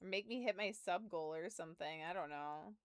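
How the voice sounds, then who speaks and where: A woman's voice: fairly low pitch, brisk, dry recording. A young adult woman streaming from home, telling a story in casual chat with laughs and profanity, close to her mic. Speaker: game streamer.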